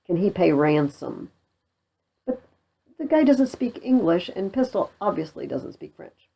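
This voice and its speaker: A woman tutor walks through a classic play with casual, wry commentary. Her voice is mellow and dark, and her pitch sits in the middle. She slips in fillers and dry jokes between the readings. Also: very animated, measured pace, vocal fry, slightly rough. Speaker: literature tutor.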